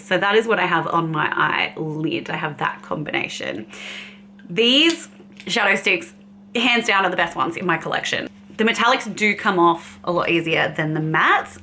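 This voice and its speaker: A bubbly woman vlogger talks through her makeup in a casual, chatty way. Her voice is bright and forward, with light laughter between her sentences. A faint hum sits behind her. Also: lowish voice. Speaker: beauty vlogger. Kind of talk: casual makeup swatching chat.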